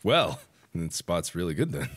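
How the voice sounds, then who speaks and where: A man's voice: deep voice, big pitch swings, moderate pace, a bit bright, husky. A young man in his twenties hosting a gaming session, laughing hard and often through casual banter. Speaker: host and gamer.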